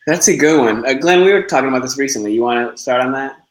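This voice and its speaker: A man's voice: mid-range voice, quick pace, roomy sound, low-quality recording. A man speaking as an interview guest, earnest and reflective, often repeating words as he works out his thoughts. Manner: earnest, repeats words while searching for ideas. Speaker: interview guest, project co-founder. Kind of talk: reflective conversational interview talk.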